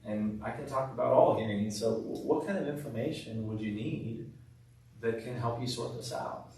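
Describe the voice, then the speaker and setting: A man leading a sales training session, acting out calm, empathetic lines he uses with patients. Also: medium pitch, normal speed. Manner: demonstrates scripted patient talk, soft empathetic tone. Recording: echoey room from far off.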